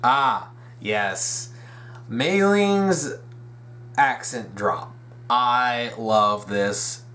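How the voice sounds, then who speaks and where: A man's voice: medium pitch, lively intonation, extremely slow, sharp tone. A young man hosting a casual fan commentary video, rambling, restarting his sentences and correcting himself with eager, opinionated enthusiasm. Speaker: video essay host.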